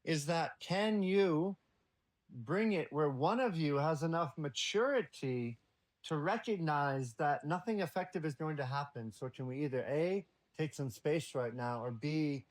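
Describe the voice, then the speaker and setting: A man's voice: a little high, unhurried. A man talking as a podcast guest in casual conversation, blunt and profane, telling stories with energy. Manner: blunt and profane, lively storytelling.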